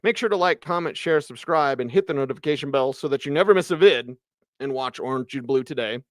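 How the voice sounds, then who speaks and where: A man hosting a solo postgame livestream, giving a casual, animated football recap and reading viewer comments aloud. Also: mid-range voice, quick pace, dry recording, clean studio sound. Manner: casual, animated, reads live chat aloud. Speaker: sports radio host.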